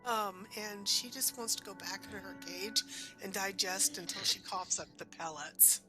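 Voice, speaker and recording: A woman playing a tabletop game, talking in a relaxed, slow way that trails off. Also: medium pitch, over music, rough recording. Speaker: player. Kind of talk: casual tabletop game play.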